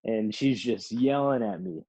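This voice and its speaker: A man's voice: on the low side, unhurried, warm tone, husky. A man casually telling a long, rambling story on a podcast, laughing and swearing.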